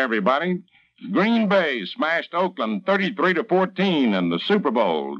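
A man reads a radio sports report with brisk, emphatic delivery. His pitch swings widely as he recaps the game. The sound is dull and lo-fi, like a vintage radio broadcast. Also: a bit bright.

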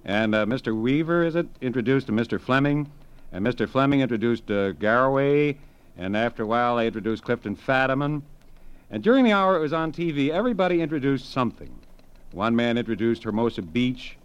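A middle-aged man giving a deadpan, satirical radio monologue about television, wry and offhand, chuckling at his own remarks. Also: mid-range voice, fairly quick, clean tone, muffled recording. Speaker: radio humorist reviewing television. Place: radio studio.

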